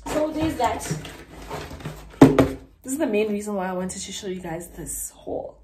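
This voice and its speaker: A young woman, chatting casually and excitedly about clothes she bought, gushing and slangy. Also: mid-range voice, normal speed, pauses often, background noise. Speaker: vlogger and school teacher. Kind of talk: casual haul chat.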